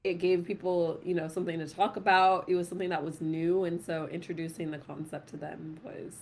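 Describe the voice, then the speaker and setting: A woman's voice: on the low side, little pitch movement, a little fast, a little hiss or hum. A woman chatting casually on a podcast, reacting and sharing her view in an easygoing way. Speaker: podcast co-host. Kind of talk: casual chat.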